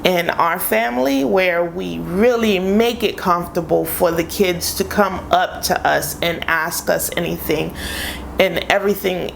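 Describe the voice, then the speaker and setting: A woman's voice: mid-range voice, creaky, slight background noise, low-quality recording. A woman in her thirties telling an emotional personal story to her vlog audience, acting out what people said. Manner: emotional, animated, acts out quoted voices. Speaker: vlogger.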